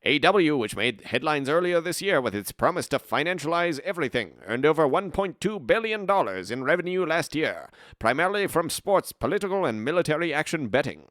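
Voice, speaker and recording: Cheesy 70s news anchor guy, a streamer putting it on, booming and pitched up, dry sound. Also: very animated, a little fast, few pauses, fairly bright tone, no room sound. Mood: cheesy, emphatic. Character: cheesy male 1970s newscaster.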